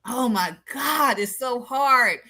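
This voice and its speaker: Bright-voiced blunt woman talk-show host. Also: a little high, lively intonation, takes it slowly. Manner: blunt, emphatic, reads out viewer comments. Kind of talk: casual live-stream chat.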